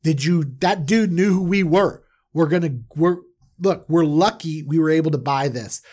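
A man's voice: fairly high pitch, normal speed, darkish tone, close to an everyday voice. Man as a blunt, practical older brother, casual slangy talk, firm.

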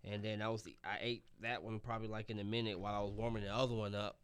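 A man, a bodybuilding competitor, giving halting, plainspoken answers in a casual interview. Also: lowish voice, little pitch movement, clean tone, dry recording. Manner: halting, repeats words, plainspoken.

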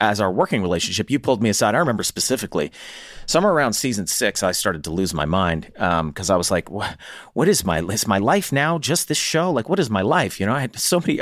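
A man co-hosting a podcast in casual chat, animated and rambling, swearing often, with many restarts. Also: fairly low pitch, dry recording, clean studio sound. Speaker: podcast co-host.

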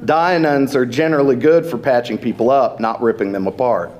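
A man's voice: mid-range voice, a little fast, darkish tone, lightly acted. A man reading aloud and voicing a cocky, battle-hardened male mage who speaks in a defiant, cutting way.

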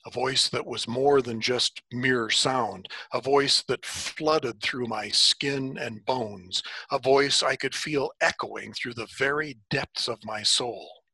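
A man telling a story in the first person, unhurried, with dramatic pauses. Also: mid-range voice, vocal fry, bright, forceful tone, breathy edge, dry recording.

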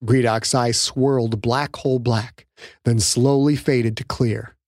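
A man narrating his own novel as an audiobook, reading in a dramatic, lively way. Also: mid-range voice, takes it slowly, no room sound, clean studio sound. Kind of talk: scripted narration.

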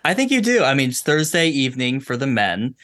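A man co-hosting a podcast, chatting casually in a dry, low-key, wry way. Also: big pitch swings, a little fast, fairly bright tone. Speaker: podcast co-host.

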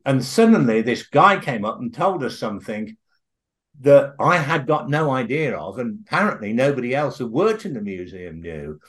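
Older male interview guest, very expressive pitch, stumbles and restarts, then warms into animated storytelling. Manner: halting, with many restarts, then eager and animated. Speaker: guest author and researcher.

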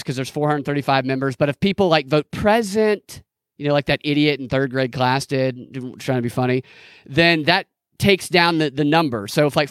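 A man's voice: on the high side, fairly bright tone, dry recording, studio quality. A man co-hosting a podcast, giving casual, sarcastic, rambling political commentary. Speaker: podcast co-host.

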